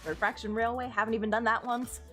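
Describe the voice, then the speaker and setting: A woman's voice: on the high side, level tone, quick pace, bright, forceful tone, soft background music. A young woman streaming a game, chatting casually with frequent giggles and stammered restarts. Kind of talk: casual chat while gaming.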